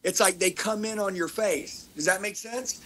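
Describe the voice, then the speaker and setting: A man giving an energetic motivational seminar talk on making content, intense and preachy, repeating himself for emphasis. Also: high-pitched, normal speed, low-quality recording. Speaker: speaker teaching content creation.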